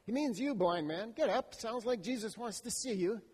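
A man doing a brisk bystander in a crowd. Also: high-pitched, animated, a little mellow, husky, pitched above the performer's own voice. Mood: urging. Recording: long hall reverb.

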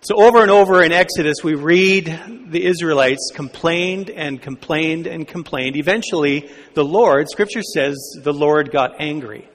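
A man's voice: on the high side, normal speed, few pauses. Conversational male pastor in a reverberant hall. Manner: conversational, asks the congregation questions. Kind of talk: sermon.

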